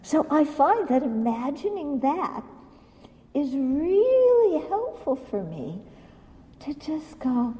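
A woman giving a Buddhist dharma talk, animated and self-mocking, often laughing at her own stories. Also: sits high, slow pace, big-room sound, a little hiss or hum, poor audio. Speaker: Buddhist teacher.

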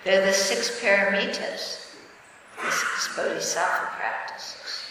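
A woman Buddhist teacher giving a dharma talk, telling stories in a plain, direct and measured way. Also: medium pitch, very noisy. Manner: conversational storytelling with light laughter. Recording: echoey hall from far off.

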